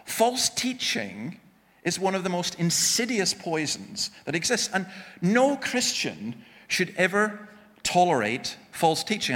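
A man's voice: a little high, a bit bright, big-room sound. A man preaching a sermon with personal stories, emphatic and self-deprecating, often restarting his sentences.

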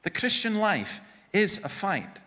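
A man's voice: high voice, big pitch swings, unhurried, bright, forceful tone, long reverb tail. A man preaching a sermon with personal stories, emphatic and self-deprecating, often restarting his sentences.

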